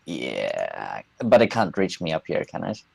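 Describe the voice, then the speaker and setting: A man playing a tabletop game, describing his character's actions slowly and hesitantly. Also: a bass voice, huge pitch swings, gravelly, a little mellow, breathy edge, no echo. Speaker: player. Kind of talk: casual tabletop play.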